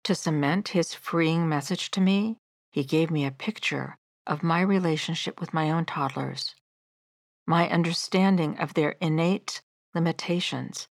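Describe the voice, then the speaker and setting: A middle-aged woman narrating her own devotional book in a gentle, measured, earnest reading. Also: sits low, dry recording, clean studio sound.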